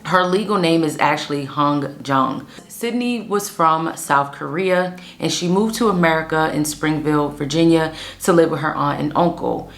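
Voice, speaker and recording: Chatty low-voiced woman hosting true crime. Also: normal speed, few pauses. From Pennsylvania. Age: 30s. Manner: chatty, addresses listeners as guys. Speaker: host. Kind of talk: casual true-crime storytelling.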